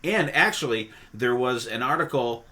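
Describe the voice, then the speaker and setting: A man's voice: medium pitch, lively intonation, moderate pace, bright, forceful tone. A man hosting a podcast in casual chat, rambling with frequent restarts and casual swearing. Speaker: podcast host.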